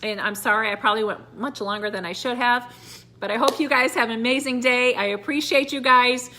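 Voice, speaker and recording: A woman's voice: a little high, fairly even intonation, fairly quick, bright, forceful tone, a little hiss or hum. A middle-aged woman giving an earnest motivational talk to her sales team, repeating phrases, teary-eyed at times. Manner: earnest, repeats phrases, addresses viewers as you guys. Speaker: direct sales consultant.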